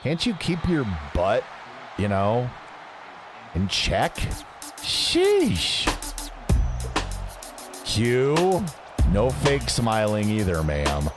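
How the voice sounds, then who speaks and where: A man streaming a sports video game, talking to his chat in an unhurried, easygoing way. His pitch swings up and down a lot as he jokes around and reads messages aloud. Faint music plays underneath. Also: sing-song. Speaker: gaming streamer. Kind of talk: casual live-stream chat while gaming.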